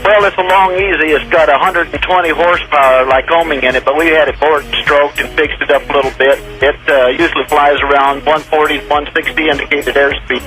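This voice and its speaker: A male radio caller with a fairly high, bright, ringing voice, phoning in from a small plane in the air. He rambles along, stopping and starting with plenty of "uh"s, never quite getting to the point. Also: fairly even intonation, soft background music, rough recording. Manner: rambling, halting with many fillers. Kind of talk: phone-in call. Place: small aircraft in flight.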